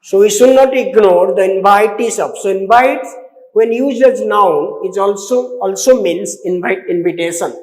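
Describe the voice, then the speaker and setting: Slow, high-voiced man teaching in an echoey room. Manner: explains slowly with many repetitions and fillers, spells out words. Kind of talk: exam-prep English lesson. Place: classroom. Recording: echoey room with long reverb.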